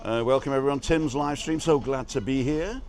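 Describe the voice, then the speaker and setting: A man's voice: mid-range voice, brisk, over music. A man hosting a casual live stream outside an inn, joking and greeting viewers by name. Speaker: livestream host.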